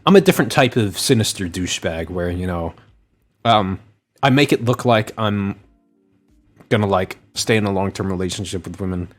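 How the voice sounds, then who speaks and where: A man's voice: low voice, expressive, normal speed, soft background music. A man co-hosting a podcast commentary, lecturing in a sarcastic tone. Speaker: commentary co-host.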